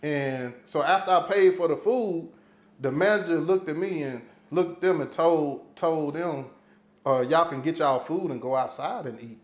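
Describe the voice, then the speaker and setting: A man spins a street story in relaxed podcast talk, swearing often and voicing each person he quotes. His voice sits high, and the room around him rings with echo. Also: moderate pace. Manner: profane, animated storyteller, acting out quotes. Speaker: podcast guest. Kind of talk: casual storytelling chat.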